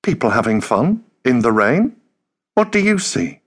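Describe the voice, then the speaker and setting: A male audiobook narrator voicing a sad young woman, speaking softly in a raised, melancholy tone. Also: big pitch swings, measured pace, husky. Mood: wondering. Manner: soft, melancholy, pitched up. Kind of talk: audiobook character voice.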